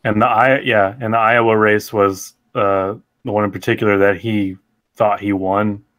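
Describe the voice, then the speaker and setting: Easygoing low-voiced podcast guy. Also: flat delivery, moderate pace, a bit bright. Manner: easygoing, laughs often. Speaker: podcast co-host. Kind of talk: casual chat.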